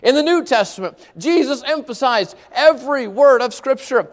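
A man preaching a sermon, emphatic, repeating key words and swinging between fast and slow delivery. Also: extremely high pitch, lively intonation.

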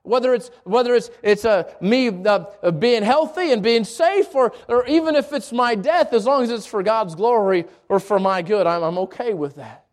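High-pitched guy preaching, gets all worked up, repeats himself a lot. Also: moderate pace, few pauses. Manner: animated, repeats words, acts out excited quotes. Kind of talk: sermon.

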